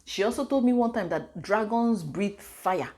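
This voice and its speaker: A woman's voice: mid-range voice, moderate pace. Chatty Nigerian mother vlogging. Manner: chatty, animated storytelling with pidgin and Igbo asides. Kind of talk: casual advice vlog.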